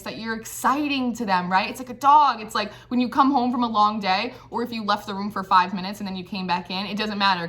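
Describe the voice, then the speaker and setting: Giggly and talkative, this tarot reader fills her casual reading with "like" at every turn. She has a slightly high, bright voice with a forceful tone.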